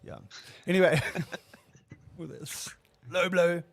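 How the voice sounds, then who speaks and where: A man's voice: high voice, steady tone, takes it slowly, vocal fry. A man hosting a casual podcast, chatty and rambling, laughing often. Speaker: podcast host. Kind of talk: casual chat.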